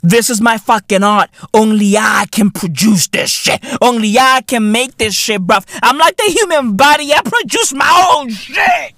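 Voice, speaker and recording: A man's voice: very high voice, lively intonation, a little slow, few pauses, sharp tone, dry recording. A man hosting a podcast in a comedic rant, profane and boastful, full of slang and laughing at his own jokes. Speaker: podcast host.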